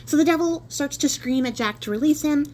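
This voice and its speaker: A woman's voice: high-pitched, fairly quick, darkish tone. A woman telling a folk tale in a casual, chatty way, with playful asides. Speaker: storyteller. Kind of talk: casual spoken storytelling.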